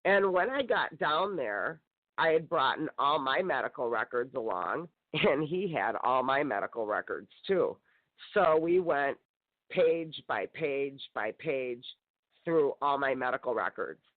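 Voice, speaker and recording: A woman's voice: rumbling low, animated, measured pace, no room sound. A woman guest telling her personal story in an intense, aggrieved way, heard over a phone line. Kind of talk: personal testimony on a call-in show. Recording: tinny phone-line audio.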